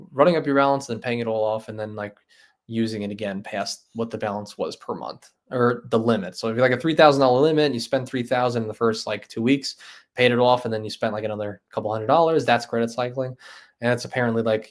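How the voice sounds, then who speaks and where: A man hosting a live stream, chatting loosely with viewers, laughing and trying out impressions of other creators. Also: medium pitch. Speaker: host.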